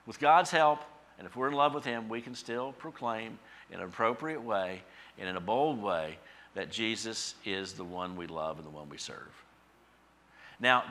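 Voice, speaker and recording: A man preaching to his congregation in a bright, forceful voice. He swings between loud, emphatic declarations and quiet, intimate asides. His delivery is warm with conviction, the rhythm of a practiced sermon. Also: medium pitch. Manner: impassioned, rising to emphatic peaks then dropping soft. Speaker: pastor. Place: church.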